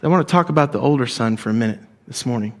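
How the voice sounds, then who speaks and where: A man's voice: mid-range voice, lively intonation, very fast. A male pastor preaching a sermon in a conversational way, often asking the congregation direct questions.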